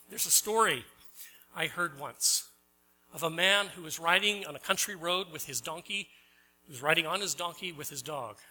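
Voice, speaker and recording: A middle-aged man preaching a sermon as pastor, telling stories with voiced characters and asking the congregation questions, swinging between loud emphatic lines and soft quiet ones. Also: high-pitched, rough recording.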